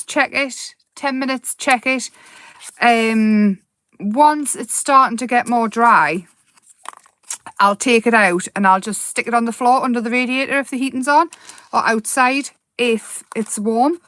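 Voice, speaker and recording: A woman hosting a chatty crafting tutorial, rambling and giggling and easily excited as she explains her steps. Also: fairly high pitch, no room sound.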